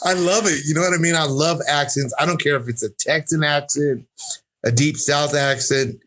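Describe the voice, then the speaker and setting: A man's voice: fairly high pitch, steady tone, moderate pace, fairly bright tone. A man chatting as a podcast guest, brash and rambling, swearing freely and filling his talk with "like" and "you know". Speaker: podcast guest, fight coach. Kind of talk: casual podcast chat.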